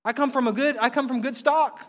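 Animated high-voiced man preaching in a hall. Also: a little fast. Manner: animated, conversational preaching with emphatic rises. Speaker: pastor. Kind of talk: sermon. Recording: long hall reverb.

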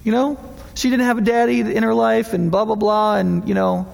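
Man, pastor, casual sermon, high voice, gravelly, long reverb. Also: normal speed. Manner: conversational and animated, acting out quoted voices.

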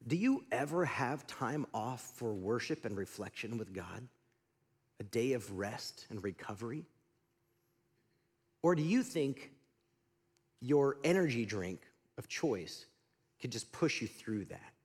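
A man's voice: medium pitch, slow, long pauses, slightly rough, in a large hall. A middle-aged male pastor preaching a sermon, talking to the congregation in a conversational way and asking them questions. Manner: animated preaching with sudden drops to quiet.

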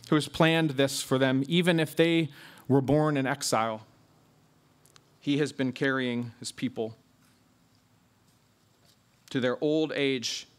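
A man preaching an expository sermon, stressing key words with slow, drawn-out emphasis. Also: mid-range voice, a bit bright.

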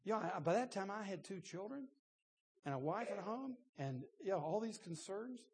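A man's voice: sits high, expressive, moderate pace, slight background noise. A man in his sixties preaching a sermon, telling a personal story in a conversational way with laughs and restarts. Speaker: pastor. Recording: long reverb in a large room.

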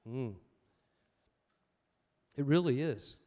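An older man preaching a sermon, swinging between loud emphatic points and quiet personal stories, calling out for amens. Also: mid-range voice, lively intonation, very slow. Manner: asks the congregation for amens. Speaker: pastor.

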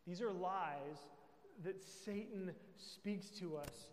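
Male pastor, higher voice, emphatic sermon delivery, recorded in a reverberant hall. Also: slow. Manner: emphatic, with conversational check-ins. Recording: echoey hall with long reverb.

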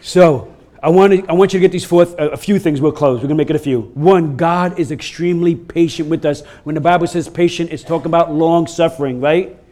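A man preaching a sermon as pastor, telling stories in a lively, conversational way from a church stage. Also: fairly high pitch, a little fast. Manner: storytelling, animated and laughing during funny stories. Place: church sanctuary.

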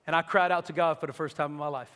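A man's voice: on the high side, steady tone, racing, a bit bright, long reverb tail. A man from North Carolina, giving an earnest, emotional church testimony as a guest speaker. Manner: earnest, emotional storytelling, building to impassioned pleas.

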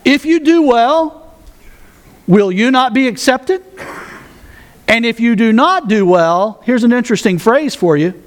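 A man pastor preaching a sermon, folksy with joking asides, reading scripture aloud. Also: sits high.

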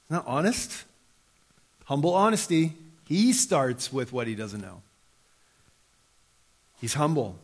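Here a pastor in his thirties delivers his sermon like a conversation. He brings quoted speakers to life, his pitch jumping suddenly as he voices them.

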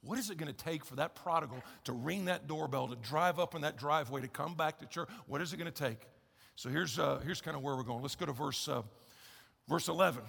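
A man's voice: a little high, a little fast, vocal fry, sharp tone, husky. A man preaching a sermon as pastor, conversational and emphatic, repeating key phrases with wry humor. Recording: echoey church hall.

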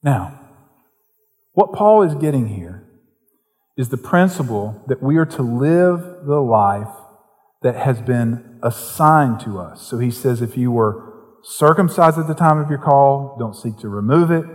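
Southern pastor preaching in a reverberant hall. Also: male voice, medium pitch, lively intonation, unhurried, a little mellow. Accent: softened Southern US. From Western North Carolina. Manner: conversational preaching that builds to fervent emphasis. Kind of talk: sermon.

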